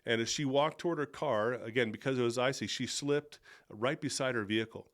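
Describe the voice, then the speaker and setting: A man's voice: mid-range voice, brisk. Earnest middle-aged man preaching. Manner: earnest, heated at times, with self-deprecating asides. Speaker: podcast host. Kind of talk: faith-based monologue.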